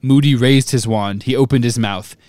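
A man co-hosting a podcast, reading a novel aloud with steady expression and breaking off to chat and laugh. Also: medium pitch, normal speed, dry recording.

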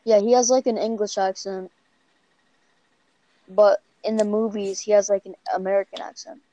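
A woman's voice: mid-range voice, steady tone, normal speed, mellow, rough recording. Young Canadian woman rambling casually. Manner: rambling, heavy use of "like" and "bro". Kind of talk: casual chat.

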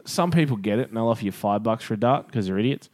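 A man's voice: on the low side, lively intonation, fast talker, a little mellow. A man co-hosting a podcast, crude and sardonic, swearing freely in casual chat. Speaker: podcast co-host.

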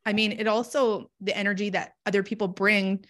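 A woman from Canada joins a podcast as a guest. She speaks in a mid-pitched voice, easygoing and relaxed, in casual conversation. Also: a little fast.

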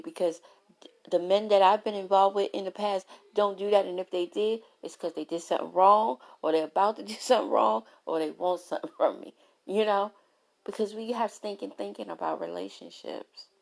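A woman giving a candid motivational talk on relationships, telling stories with lively, playful asides. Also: medium pitch, gravelly. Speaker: relationship speaker.

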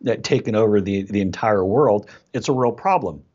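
A man's voice: fairly low pitch, normal speed, a little mellow. A man answering interview questions in an assured, pointed manner, over dull lo-fi audio. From United States. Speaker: guest.

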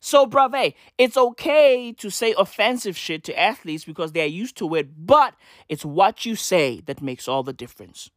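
A woman's voice: mid-range voice, expressive, normal speed, dry recording, clean studio sound. A woman ranting in casual commentary, swearing freely and leaning on slang fillers. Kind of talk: profane slangy commentary rant.

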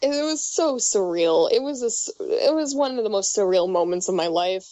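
A woman's voice: mid-range voice, animated, moderate pace, mellow, no echo, lo-fi sound. A woman on a podcast telling a story in casual chat, laughing often and swearing freely. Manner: laughs often through her story, loose and profane.

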